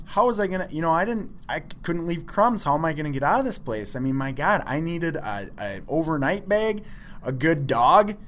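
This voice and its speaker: A man telling a personal story in an animated, self-deprecating way with many fillers. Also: a little high.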